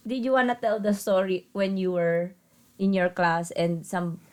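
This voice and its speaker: A woman's voice: mid-range voice, steady tone, normal speed, clear, resonant tone. A woman co-hosting a podcast, prompting others with questions in casual chat. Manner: prompting questions, light laughs. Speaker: podcast co-host.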